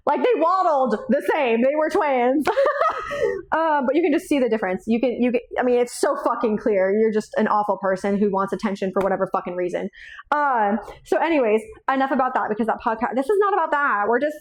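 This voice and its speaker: A young woman talks through her bookshelf in a loose, rambling chat, her voice a little high. She swears freely and breaks into laughter often. She sounds tearful and shaky. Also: expressive, fairly quick. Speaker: book vlogger. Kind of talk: casual chat.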